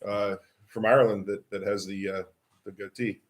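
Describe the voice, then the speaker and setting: A man's voice: lowish voice, fairly even intonation, normal speed. A man in casual chat as co-host, laid-back and teasing.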